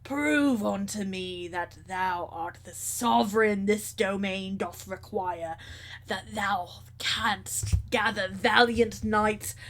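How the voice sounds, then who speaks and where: A woman voicing a grandiose male rival king who speaks in old-fashioned, pompous language, slow and theatrical. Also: medium pitch, fairly bright tone, slight background noise.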